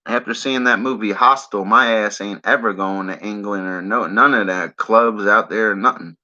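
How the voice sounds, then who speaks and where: Rambling streamer man, bright and edgy. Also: fairly low pitch, moderate pace. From Philadelphia area, US. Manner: rambling, keeps saying "man"; smokes while talking. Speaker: livestream host. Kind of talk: casual livestream chat. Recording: dull lo-fi stream audio.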